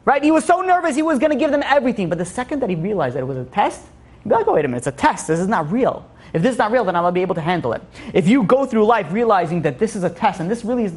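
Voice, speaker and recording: A man, a rabbi, giving a rambling Torah lecture full of restarts and fillers. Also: high-pitched. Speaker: rabbi teaching a class.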